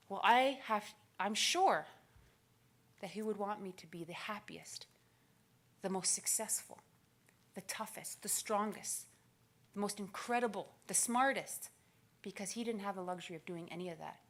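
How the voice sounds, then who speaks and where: A woman in her forties giving a motivational keynote speech, telling stories with lively acted-out quotes. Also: medium pitch, normal speed, pauses often. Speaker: keynote speaker. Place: conference stage.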